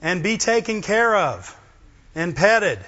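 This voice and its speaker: A man preaching a sermon, animated, often asking the congregation for a response. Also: sits high, takes it slowly. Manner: animated, asks the congregation questions. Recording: dull lo-fi recording.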